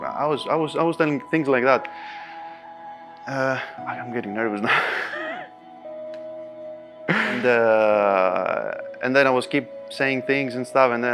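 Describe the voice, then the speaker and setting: A man recounts a match in a casual interview, speaking animated non-native English. His pitch sits mid-range for a man, and he often breaks into laughter. Soft music plays faintly underneath. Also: moderate pace, long pauses. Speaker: pool player interviewee.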